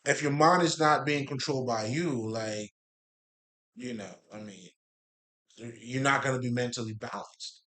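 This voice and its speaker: Unhurried yet pushed and bright, a middle-pitched man loosely works through spiritual ideas as a talk host. He strays from the point, swears, uses street slang, and laughs before returning to it.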